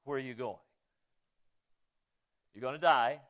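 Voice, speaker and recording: A middle-aged man preaching a sermon, conversational, often asking his listeners questions and swinging between loud emphasis and quiet asides. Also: medium pitch, measured pace, dull audio. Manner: conversational, asks the congregation questions. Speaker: pastor.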